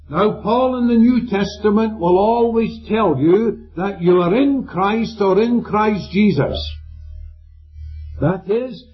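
A man preaching a sermon with an emphatic delivery, checking in with his listeners through questions. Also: high voice. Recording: dull lo-fi recording with faint music.

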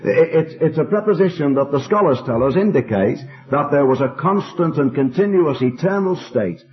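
A man's voice: on the high side, animated. Man leading a Bible study, lo-fi tape. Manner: measured, emphatic, slow over quoted verses. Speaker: leader of a Bible study meeting. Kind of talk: teaching and leading group discussion. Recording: dull, tinny old tape recording.

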